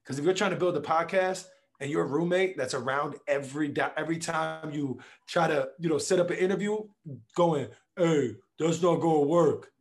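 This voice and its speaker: Guy talking loose and blunt on a podcast, swears a lot, voice sits kinda high. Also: brisk. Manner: blunt, profane, animated storytelling with acted quotes. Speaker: podcast guest. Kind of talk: casual conversation.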